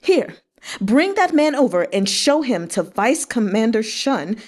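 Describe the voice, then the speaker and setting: A woman reading aloud, voicing a furious, scheming male guard commander who shouts and mocks. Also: sits high, animated, moderate pace, pitched above the performer's own voice. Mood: mocking. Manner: shouting, mocking.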